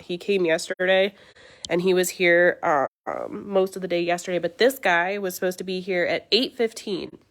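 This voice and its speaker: A young woman hosts a casual livestream, her voice congested and sore from illness. She talks in a chatty, venting way, low-pitched for a woman, telling her viewers about her frustrations. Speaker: beauty livestream host.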